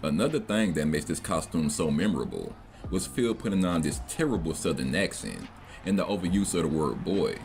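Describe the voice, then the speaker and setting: A man's voice: sits low, animated, a little fast, a little mellow, soft background music. A man narrating a scripted commentary video in a dry, critical tone. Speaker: documentary narrator.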